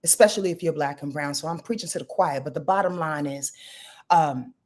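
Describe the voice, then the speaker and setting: A woman's voice: sits low, a little fast, a little mellow. A middle-aged woman astrologer talking frankly in a casual confessional vlog, rambling and swearing freely.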